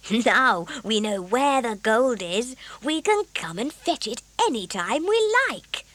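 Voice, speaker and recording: A woman voicing a brave, cheerful male gnome who is often hushed and eager. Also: fairly high pitch, very animated, slow, heavily acted.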